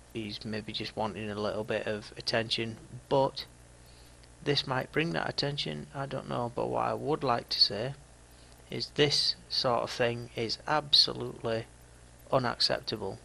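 A Yorkshire man in his thirties talks straight to his viewers as a gaming vlogger, dry and a little mocking. His voice has a gravelly fry to it and a bright, forceful edge, with some faint noise underneath. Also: mid-range voice, steady tone, a little slow, low-quality recording. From Yorkshire, England. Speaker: gaming YouTuber. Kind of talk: casual video commentary.

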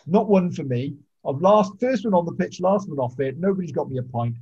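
A man's voice: a little high, lively intonation, brisk, dark tone, husky. A man who referees rugby, telling blunt, sweary stories over a video call. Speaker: rugby referee, podcast regular. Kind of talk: casual storytelling chat. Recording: muffled lo-fi video call audio.

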